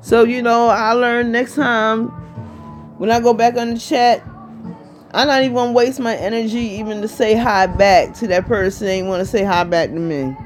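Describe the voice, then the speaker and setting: A woman's voice: on the high side, fairly even intonation, normal speed, soft background music. A woman of about fifty talking casually in a vlog, rambling and chatty, often asking "you know what I mean.". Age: 50s. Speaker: vlogger.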